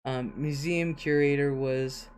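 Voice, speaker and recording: A woman's voice: rumbling low, fairly even intonation, slow, a little mellow, clear, resonant tone. An older woman hosting a casual livestream, chatting and reading viewer comments aloud with frequent chuckles. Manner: chuckles often, chatty and rambling. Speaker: livestream host.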